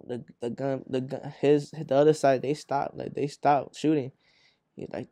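A young man from Arizona tells a story in a loose, rambling way, full of swearing and acted-out quotes. His voice sits a little high but has a mellow, dark tone. The sound is close and dry. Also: fairly even intonation, brisk, dry recording. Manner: rambling, profane, acts out quotes. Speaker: rapper guest. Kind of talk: casual interview storytelling.

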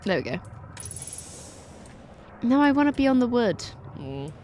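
A woman's voice: a little high, very animated, a little slow, darkish tone, slight background noise. A young woman commentating a game she is playing for the first time, reacting to what she sees with frequent laughs and nervous exclamations. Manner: reactive, giggly, easily spooked. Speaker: game streamer. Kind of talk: let's play commentary.

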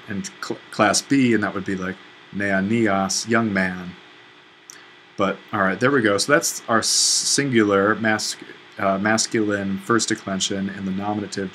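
Man, teacher, screencast lesson, thinking aloud, self-correcting, lowish bright voice. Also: slight background noise, low-quality recording. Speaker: Greek teacher. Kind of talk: screencast lesson walking through an exercise.

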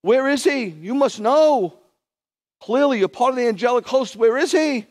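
A man preaching a sermon and voicing a frantic, weeping woman who pleads with rapid, repeated questions. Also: very high-pitched, lively intonation, a little mellow, in a large hall, pitched above the performer's own voice.

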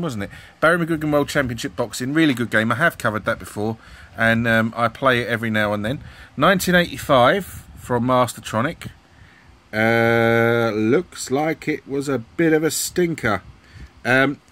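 A man's voice: medium pitch, fairly bright tone. Rambling middle-aged man. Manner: rambling, hesitant, many ums, asks viewers questions. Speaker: retro gaming YouTuber. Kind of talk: casual commentary flipping through a magazine.

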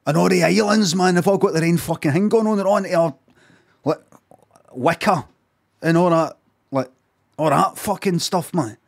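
A man's voice: high voice, moderate pace, creaky, long pauses. A man, chatting casually and swearing while streaming reaction commentary. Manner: chatty, swearing, rambling asides.

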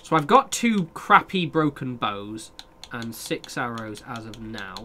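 A man's voice: mid-range voice, very animated, measured pace, bright, forceful tone, a little hiss or hum. A young man casually commenting on a survival game as he plays, swearing and talking back to his chat. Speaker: streamer.

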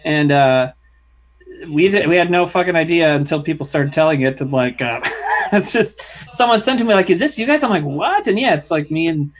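A man's voice: a little high, normal speed. A man on a casual comedy stream, reading viewer questions aloud and rambling through an answer. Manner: relaxed, rambling, restarts often. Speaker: comedy group member reading chat.

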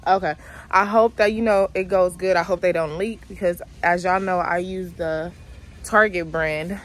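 A woman's voice: fairly low pitch, fairly even intonation, normal speed. A young woman chatting casually to her viewers in a vlog, often out of breath. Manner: chatty, addresses viewers directly. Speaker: vlogger. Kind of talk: casual vlog chat to camera.

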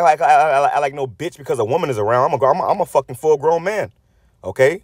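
A man's voice: on the high side, brisk, no echo, studio quality. A man preaching bluntly and profanely, reading scripture aloud and then commenting on it, often repeating words as he restarts. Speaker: religious channel host. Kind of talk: preaching rant.

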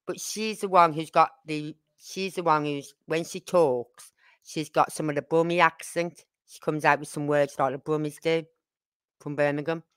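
A woman's voice: sits low, fairly even intonation, normal speed, a bit bright, clear, resonant tone, dry recording. An older woman hosting a casual live stream, rambling through family stories with frequent asides and questions to her viewers. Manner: rambling, talks straight to viewers with tag questions. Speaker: livestream host.

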